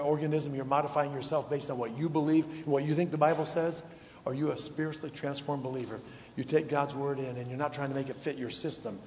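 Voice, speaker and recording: A man preaching a sermon as pastor, firing off rhetorical questions and dropping to a hush to drive points home. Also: mid-range voice, a little hiss or hum. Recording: dull, echoey hall sound.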